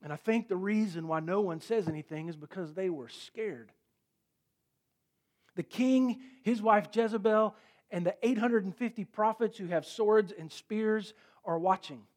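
High-voiced man preaching with lively swings. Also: a little slow. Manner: animated storytelling preaching, drops to quiet for emphasis. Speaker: pastor. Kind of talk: sermon.

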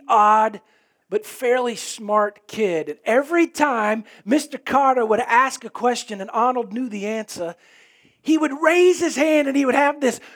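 A middle-aged man delivering a sermon in a higher-than-usual voice. He is animated, driving some phrases hard and letting others fall low and intense. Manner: animated, swings from loud emphasis to quiet intensity. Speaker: pastor.

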